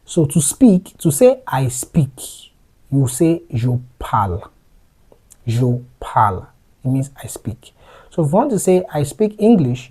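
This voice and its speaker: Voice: mid-range voice, warm tone, breathy edge, rough recording. A French teacher giving a patient language lesson, explaining step by step and repeating each phrase.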